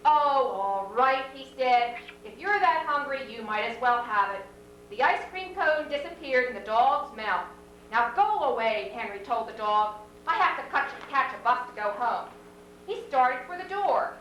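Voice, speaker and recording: A woman teacher reading a children's story aloud to a class, with expressive read-aloud voices for the characters, in a classroom. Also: high voice. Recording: echoey classroom from far off, faint hum.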